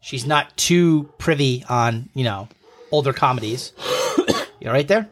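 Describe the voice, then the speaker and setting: A man's voice: medium pitch, measured pace. A man in his thirties co-hosting a casual podcast from home, telling rambling stories and chuckling often. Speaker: podcast co-host. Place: home room.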